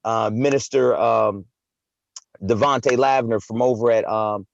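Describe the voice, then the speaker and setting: A man's voice: mid-range voice, steady tone, a little slow, creaky, muffled recording. A man hosting a live talk show, chatting casually and animatedly, often repeating words and saying "man" and "right". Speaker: host. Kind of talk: casual chat.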